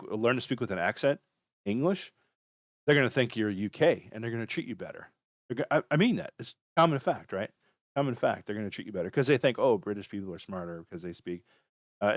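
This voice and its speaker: A man's voice: on the low side, no echo, clean studio sound. A man talking casually as he gives career advice, rambling and full of fillers. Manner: rambling, filler-heavy, chatty. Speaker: channel host giving career advice.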